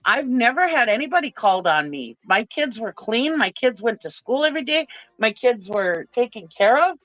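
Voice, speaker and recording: A woman's voice: on the high side, fairly bright tone, no echo, dull audio. A middle-aged woman from Minnesota, ranting with passion as a guest on a livestream panel. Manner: impassioned, ranting.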